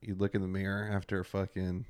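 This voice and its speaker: A man's voice: low-pitched, completely flat delivery, a little fast, a little mellow, clear, resonant tone, no room sound, studio quality. A man co-hosting a podcast, chiming in with short, profane comments in casual chat. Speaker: podcast co-host.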